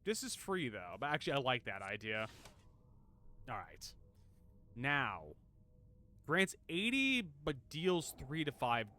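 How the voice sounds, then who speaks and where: A man's voice: medium pitch, very animated, slow pace, pauses often, sharp tone. A man streaming a game, chatting casually, reading game text aloud and laughing often. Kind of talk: casual gameplay commentary.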